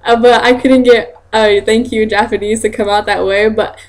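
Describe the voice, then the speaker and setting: A young woman telling stories in a casual vlog, chatty and quick to laugh, acting out other people's lines in a higher voice. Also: little pitch movement. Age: young adult. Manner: chatty, laughs often, acts out quotes in high voices. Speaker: vlogger.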